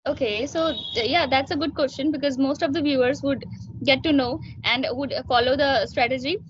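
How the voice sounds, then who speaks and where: A young woman, a student, talking in a casual practice conversation and speaking carefully with many filler pauses. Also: high-pitched, steady tone, slight background noise. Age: young adult. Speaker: student learner. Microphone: online voice call. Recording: dry, dull call audio.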